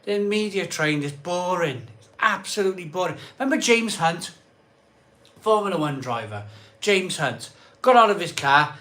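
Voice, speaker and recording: Here the man's voice is high and sharp, with lively intonation at a normal speed. He is live streaming from his home bar in a cold conservatory, reading out what viewers write and rambling on, often going over the same points twice.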